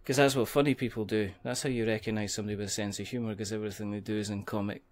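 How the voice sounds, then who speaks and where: A man's voice: lowish voice, little pitch movement, rapid-fire. A man hosting a board game podcast, joking and laughing often as he rambles. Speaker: podcast host. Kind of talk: casual chat.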